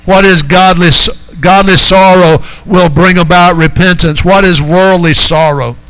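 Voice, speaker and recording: A man's voice: sits high, fairly even intonation, unhurried, a bit bright, clean tone, poor audio. A man preaching a sermon as pastor, driving his points home and calling out to the congregation. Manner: preaching with rising emphasis and call-outs to the congregation.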